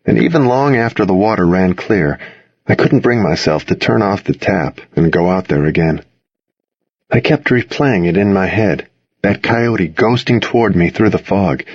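Deep husky guy reading a story in first person, slightly dull muffled recording. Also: no echo. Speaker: audiobook narrator. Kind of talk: first-person scripted narration.

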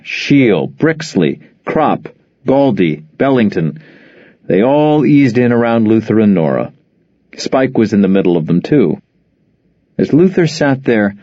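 A man narrating an audiobook in a measured, even storytelling manner. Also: on the low side, dry recording. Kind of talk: scripted narration. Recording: dull lo-fi dry recording.

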